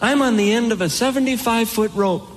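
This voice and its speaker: A man performing a stand-up comedy routine, breaking into shouted high-pitched voices for his punchlines. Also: brisk. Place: comedy venue with live audience. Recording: live crowd noise and hiss. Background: audience laughter.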